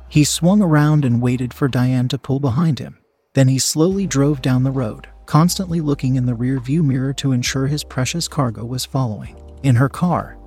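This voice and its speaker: A man narrating an erotic story in an even, unhurried reading voice. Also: medium pitch, breathy edge.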